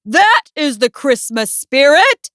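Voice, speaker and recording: A woman voicing a stern, pompous male bear in a read-aloud storybook, speaking slowly and grandly. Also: high voice, very animated, fairly bright tone, no room sound, studio quality, full character voice. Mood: grand scolding. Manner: slow, grand, declaiming.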